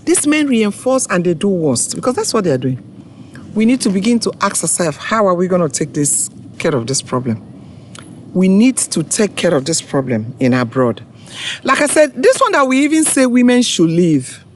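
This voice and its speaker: A woman's voice: fairly low pitch, sing-song, normal speed, a little hiss or hum. A woman, from Africa, hosting an online forum in an impassioned, tearful monologue, pleading and repeating her points. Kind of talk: impassioned direct-to-camera monologue.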